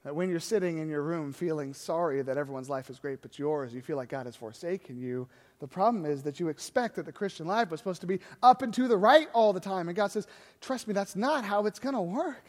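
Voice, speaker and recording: A man's voice: fairly high pitch, fairly quick, in a large hall. A man preaching a sermon as a pastor, telling the story in a conversational way and acting out the voices of the people he quotes.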